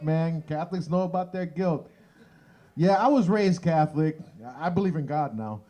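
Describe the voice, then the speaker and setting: A man hosting a stand-up comedy show in a bar, animated and acting out bits. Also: a little high, fairly quick. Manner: animated, shifts into exaggerated voices for bits.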